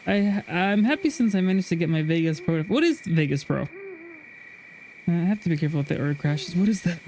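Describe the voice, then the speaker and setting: A man's voice: fairly high pitch, fairly quick, darkish tone, slight background noise. A man streaming a game, chatting casually and reading a game guide aloud with frequent restarts. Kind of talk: casual gameplay stream chat.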